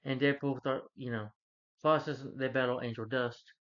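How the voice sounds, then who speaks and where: Male reviewer, middle pitch, casual rambling plot recap with chuckles, dull lo-fi sound. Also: steady tone, moderate pace. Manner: rambling, chuckling, restarts, acts out quotes in a higher voice. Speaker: movie reviewer. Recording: dull lo-fi recording.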